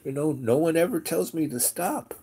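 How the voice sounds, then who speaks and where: A man voicing a charismatic male master in a velvet cape, speaking in a smooth, courteous, measured way. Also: on the high side, animated, mellow, pitched above the performer's own voice. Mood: amused.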